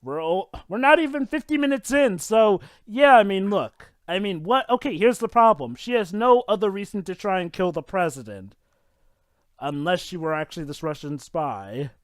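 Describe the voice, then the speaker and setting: A man talking over a film in a casual group commentary, rambling, questioning the plot and quick to object. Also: high voice, expressive, no room sound, clean studio sound. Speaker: podcast co-host.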